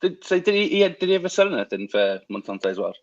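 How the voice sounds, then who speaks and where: A man co-hosting a podcast, curiously firing off quick questions. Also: a little high, sing-song, no room sound, muffled recording. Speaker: podcast co-host. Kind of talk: casual podcast chat.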